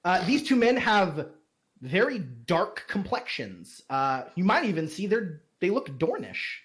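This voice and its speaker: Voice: mid-range voice, big pitch swings, unhurried, a bit bright. A game master narrating a tabletop game, rambling with many fillers and restarts.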